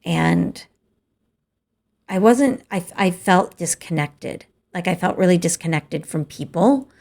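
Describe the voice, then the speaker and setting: A woman's voice: lowish voice, expressive, takes it slowly, darkish tone. A woman host telling a personal story in a candid, confessional way, with frequent hesitant restarts. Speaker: podcast host.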